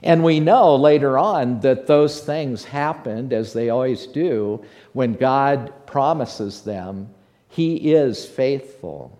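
A man's voice: mid-range voice, dark tone. A man preaching a sermon to his congregation, earnest and rising to fervent emphasis. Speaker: pastor.

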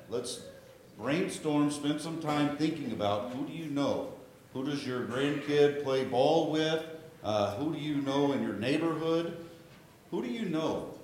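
Man, church announcements, mid pitch, encouraging, big room echo and faint hiss. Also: darkish tone. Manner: upbeat, encouraging questions.

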